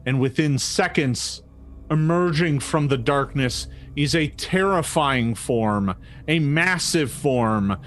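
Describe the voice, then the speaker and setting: A man narrating as game master of a tabletop game, hesitant and full of ums and restarts. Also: medium pitch.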